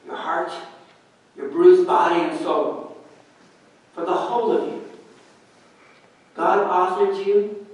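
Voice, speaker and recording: Slow-preaching pastor in an echoey church. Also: male voice, high-pitched, distant mic. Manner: measured preaching with long pauses. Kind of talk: sermon.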